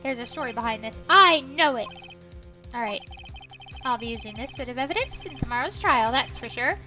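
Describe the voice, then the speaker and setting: Brief: earnest, jumpy young lawyer from a game dub, played by a woman, high, bright and lively, mutters to himself. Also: brisk, soft background music. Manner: muttering to himself, dramatic outbursts.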